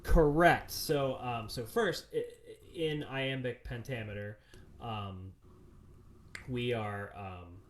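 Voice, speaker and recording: A man's voice: medium pitch, takes it slowly, a crowd in the background. A man directing a community theater show, answering questions at length with many fillers and restarts over a video call. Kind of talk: explanatory Q&A answers.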